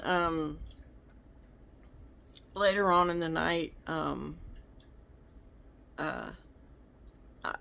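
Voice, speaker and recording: A woman's voice: lowish voice, fairly bright tone. A woman telling rambling stories in a casual vlog, talking into her phone. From United States. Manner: chatty, rambling. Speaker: vlogger.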